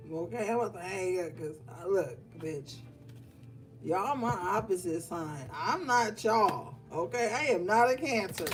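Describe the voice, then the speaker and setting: Woman tarot reader, mid-pitched, profane and blunt, laughs a lot, faint music behind. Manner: scolding, animated. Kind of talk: casual livestream card reading.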